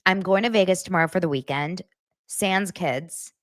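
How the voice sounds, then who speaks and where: A woman in her thirties hosting a casual livestream, chatty and animated as she reacts to chat comments. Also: on the low side, normal speed, dry recording, clean studio sound. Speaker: livestream host.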